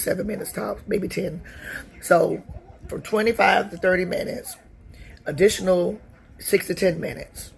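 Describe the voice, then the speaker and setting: In a low voice with vocal fry, a woman in her forties shares her personal testimony. She tells her story haltingly, pausing often and starting over again and again.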